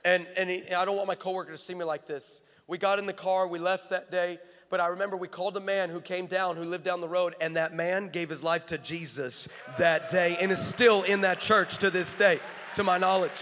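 A male pastor preaching a sermon, telling a story and building to shouted, emphatic preaching. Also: sits high, steady tone, a little fast. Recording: long hall reverb.

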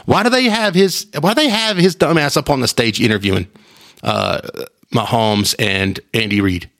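A man talks loosely into his podcast mic, circling back and restarting his sentences as he goes. His mid-range voice carries a steady gravelly fry underneath. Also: medium pitch, moderate pace. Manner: rambling, animated, with repeated restarts. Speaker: podcast host. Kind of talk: casual solo podcast chat.

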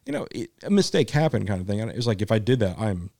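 A man's voice: on the low side, sing-song, quick pace, creaky, mellow, dry recording. A man co-hosting a podcast, telling a rambling story with frequent laughs and casual swearing. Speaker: podcast co-host. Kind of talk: casual chat.

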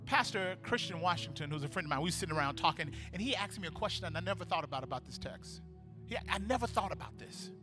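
A male pastor preaching a sermon, animated and building to loud, fervent praise, acting out voices from the story. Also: high voice, fast, music in the background.

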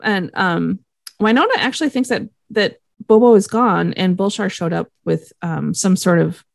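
A woman's voice: mid-range voice, normal speed, vocal fry, no room sound, studio quality. A woman co-hosting a casual podcast, recapping a TV episode in a rambling way with lots of fillers and the odd swear word. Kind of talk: casual chat.

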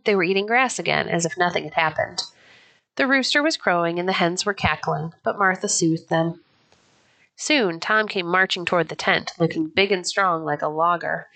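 A woman narrating a children's pioneer story in a clear, even, unhurried storybook reading. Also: fairly low pitch. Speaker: audiobook narrator.

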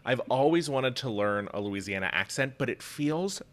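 Bright, expressive male podcaster. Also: mid-range voice, moderate pace. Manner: expressive, bursts of laughter. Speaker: podcast co-host. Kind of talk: casual chat.

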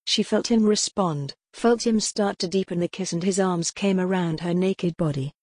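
Woman narrating a dark gothic novel. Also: fairly low pitch, slightly rough, no room sound, clean studio sound. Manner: measured, dramatic storytelling. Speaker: audiobook narrator. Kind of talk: scripted narration.

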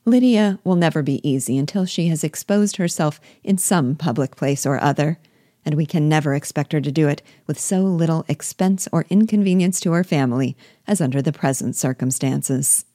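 Woman reading as a teasing older father, wry, mocking, low voice, dry sound. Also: moderate pace, mellow, no echo, natural voice.

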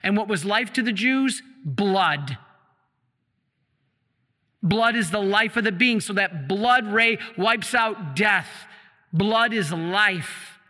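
A man preaching a sermon as a priest, asking the congregation questions and answering them himself, slowing and dropping low for emphasis. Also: sharp tone. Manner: slows down and drops low for emphasis. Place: church. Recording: long echo of a church hall.

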